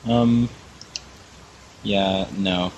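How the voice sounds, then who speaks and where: A man's voice: low voice, fairly even intonation, drawn-out words, darkish tone, a little hiss or hum, low-quality recording. A man calling into a casual show, hesitant and self-deprecating, giggling between remarks. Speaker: caller. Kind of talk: casual call-in chat.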